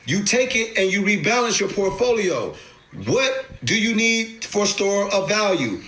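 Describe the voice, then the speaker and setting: A man with a fairly high, bright, forceful voice talks emphatically in a street-casual way. He explains things directly to his audience and now and then jumps up into sudden high, panicked impressions of other investors. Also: sing-song, unhurried, rough recording. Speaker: crypto investing host. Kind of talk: animated instructional talk to camera.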